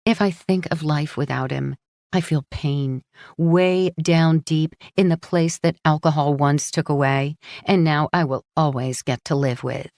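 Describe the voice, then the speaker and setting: A woman narrating a first-person audiobook in a hushed, brooding manner. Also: low voice, steady tone, measured pace, dry recording, clean studio sound.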